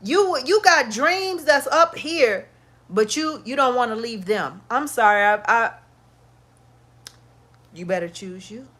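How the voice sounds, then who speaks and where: Lady in her 50s, loud and blunt, cusses while chatting w viewers, voice sits kinda high. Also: a little slow. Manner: blunt, animated and profane, talks straight to viewers. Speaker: makeup vlogger. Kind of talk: casual livestream chat.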